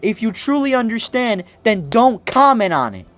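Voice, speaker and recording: A man's voice: high-pitched, sing-song, moderate pace, dry recording. A young man hosting a sports podcast, delivering an impassioned, emotional rant to camera. He raises his voice, swears, and stumbles over restarts. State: emotional, near tears.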